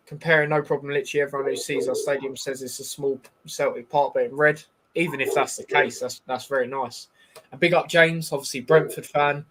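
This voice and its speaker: A man hosting a live football watchalong, chatting in a rambling, bantering way with lots of fillers and calling the match as it goes. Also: mid-range voice. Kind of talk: casual live-stream chat with match commentary.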